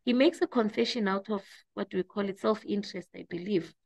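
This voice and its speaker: A woman teacher walks students through exam revision, restating each point with hesitant fillers. Her voice has a gravelly edge and sits in a mid range. The sound is dry and close. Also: medium pitch, brisk, darkish tone, no echo, poor audio. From South Africa.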